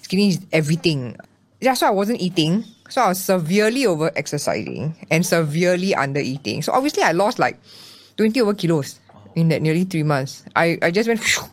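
A young Singaporean woman speaking in a fairly low voice. She tells her own story openly as a podcast guest, with a Singaporean accent. Her delivery is lively, and she acts out her own thoughts in quotes. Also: brisk. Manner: animated storytelling with acted-out quotes. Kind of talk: candid personal interview.

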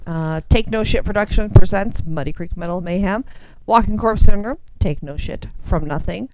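A woman's voice: medium pitch, normal speed, noisy background. A woman co-hosting a casual radio chat, announcing local shows with crude jokes and frequent laughs. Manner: loud, crude, laughs often. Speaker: radio show co-host.

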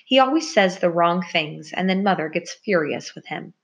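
Woman voicing mouse schoolteacher, brisk, teacherly, lowish voice, gravelly. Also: expressive, highs cut off. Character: clever female mouse schoolteacher, practical.

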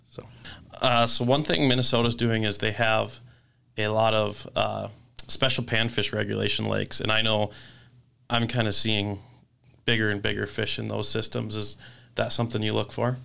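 A man co-hosts a podcast, asking short questions in casual chat. His voice is gravelly and flat, with a bright, tense edge. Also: lowish voice, moderate pace, pauses often. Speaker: podcast co-host.

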